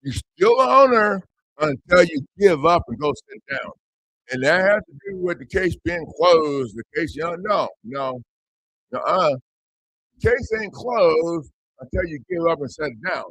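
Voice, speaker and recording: A man's voice: fairly high pitch, lively intonation, unhurried, fairly bright tone, no room sound, low-quality recording. A man in a casual livestream chat, talking in a blunt, profane and defiant way. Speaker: host.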